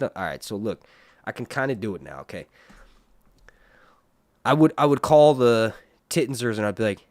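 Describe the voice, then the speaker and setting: A man's voice: medium pitch, lively intonation, moderate pace, pauses often, a little mellow, no room sound, studio quality. A man from North Carolina, chatting casually on a livestream and laughing often. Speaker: livestream TV show reviewer. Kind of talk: casual live chat.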